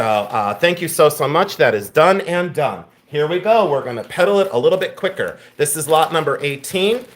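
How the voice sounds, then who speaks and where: A man's voice: fairly high pitch, fairly bright tone. A man from Ohio hosting a live-stream auction sale, calling prices and bantering and teasing viewers.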